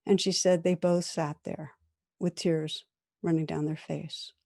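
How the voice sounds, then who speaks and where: A woman meditation teacher giving a dharma talk, telling a story in a calm, measured, gentle way. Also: low voice.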